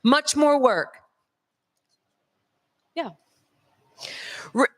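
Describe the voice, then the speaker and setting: A woman from North Carolina with a Southern accent, giving a lively conference lecture straight to the audience. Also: high-pitched, extremely slow, pauses often. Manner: lively, addresses the crowd directly. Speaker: conference speaker. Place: large conference hall. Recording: long hall reverb.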